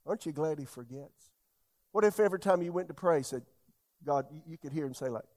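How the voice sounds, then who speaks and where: A middle-aged man preaching a sermon as pastor, swinging between loud emphatic bursts and soft asides. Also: on the high side, brisk.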